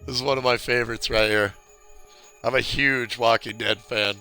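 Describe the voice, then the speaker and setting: A man's voice: mid-range voice, steady tone, moderate pace, pushed and bright, clean tone, faint music behind. A man from California chatting casually with viewers while playing through a game walkthrough on a live stream. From California, USA. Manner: chatty, rambling, greets viewers. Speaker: gameplay streamer.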